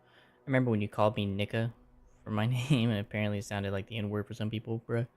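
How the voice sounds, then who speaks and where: A man's voice: fairly low pitch, level tone, quick pace, a little mellow. A man streaming a game and chatting casually with viewers in a rambling, easygoing way. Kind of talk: casual chat while gaming.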